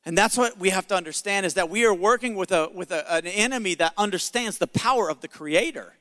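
A man's voice: high-pitched, brisk, sharp tone, in a large hall. A male pastor preaching a sermon in an emphatic, conversational way with jokes.

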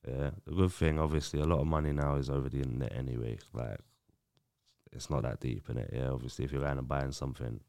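A man, a podcast guest talking in a relaxed, slangy way. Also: extremely low pitch, fast, gravelly, clear, resonant tone, no room sound, studio quality. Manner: relaxed, slangy, lots of agreeing fillers. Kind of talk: casual chat.

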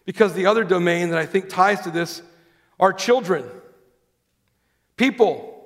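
A man with a high voice preaches a sermon to a congregation at a measured pace, reading scripture aloud and asking the listeners questions. The recording carries a long hall reverb.

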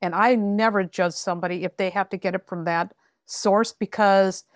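A woman's voice: mid-range voice, steady tone, moderate pace, no echo. Blunt woman guest, emphatic and candid, dry close recording. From rural area. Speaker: tarot reader guest. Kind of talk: candid advice in a podcast conversation.

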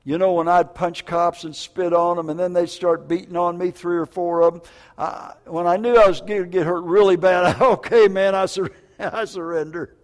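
High-voiced older man preaching in a hall. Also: normal speed. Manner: animated, jokey storytelling with stammered restarts. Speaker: prison minister. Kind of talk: preaching a sermon. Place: church. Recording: reverberant church hall.

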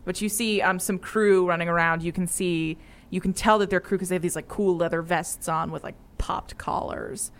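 A woman's voice: lowish voice, fairly even intonation, normal speed. Rambling young woman game master. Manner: rambling, filler-heavy, playful. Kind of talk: narrating a tabletop game.

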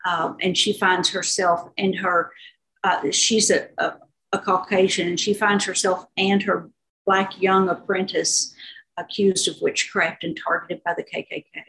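A woman's voice: lowish voice, little pitch movement, a little slow, a bit bright, poor audio. A woman author over fifty, talking unhurriedly about her novel in an interview, with fillers and restarts. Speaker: author guest.

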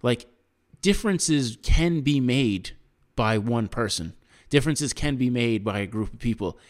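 A man's voice: mid-range voice, animated, unhurried. An American man co-hosting a podcast, giving earnest opinions in casual chat with frequent restarts. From United States. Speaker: podcast co-host.

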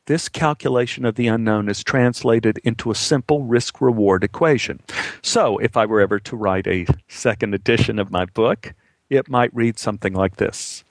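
A man telling a personal story as a monologue, with wry, dry humor and an unhurried manner. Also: lowish voice, no echo.

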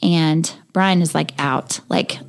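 A woman in her thirties with a slightly low voice tells a story in a relaxed, conversational way. She acts out her son's whining complaints and her own weary replies. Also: slow pace, gravelly. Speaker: podcast co-host. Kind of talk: casual storytelling chat.

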